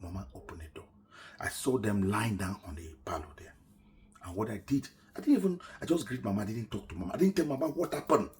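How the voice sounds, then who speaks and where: A man's voice: deep voice, slight background noise. Nigerian man telling a personal story. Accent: Nigerian English. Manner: animated retelling, shouts quoted lines then drops to a near-whisper.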